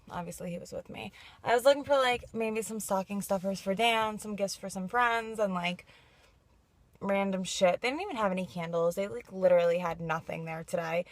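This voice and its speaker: A woman's voice: mid-range voice, no echo. A young woman vlogging in a casual, chatty way, saying "like" constantly and laughing through her frustration. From New York. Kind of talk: casual vlog chat.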